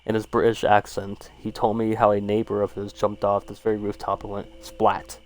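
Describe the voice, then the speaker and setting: A man's voice: lowish voice, completely flat delivery, normal speed. A man casually reading short horror stories aloud and rambling about each one, with lots of fillers and swearing. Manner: rambling, laid-back, swears, frequent fillers.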